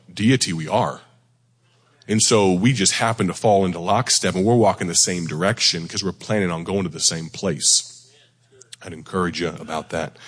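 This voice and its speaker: A man preaching a sermon to a congregation, his voice hoarse and close to giving out, with a deep voice and a folksy, conversational manner. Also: long reverb tail. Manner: folksy, conversational, self-deprecating. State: hoarse, near losing his voice. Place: church sanctuary before a congregation.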